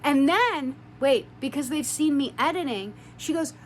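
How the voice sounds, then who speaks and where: A woman vlogger recounts a confrontation in a heartfelt, earnest monologue, her voice sitting a little high. She leans on spiritual self-help phrasing and swears for emphasis. A faint hum sits under the recording. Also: expressive, unhurried. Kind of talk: emotional storytime monologue.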